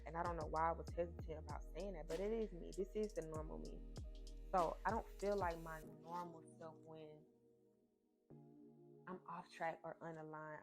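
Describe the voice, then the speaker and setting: A young woman, chatting expressively to her viewers and repeating herself as she tells a personal story. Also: deep voice. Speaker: vlogger reviewing a podcast. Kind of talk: casual heartfelt chat to viewers.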